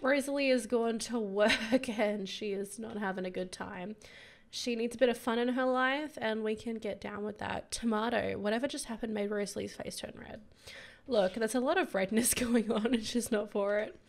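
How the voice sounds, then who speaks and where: A young woman with a croaky voice giving bubbly, giggly casual commentary on her life-sim gameplay. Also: a little high, fairly even intonation, moderate pace. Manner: bubbly and giggly, gushing over her characters. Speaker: gaming YouTuber.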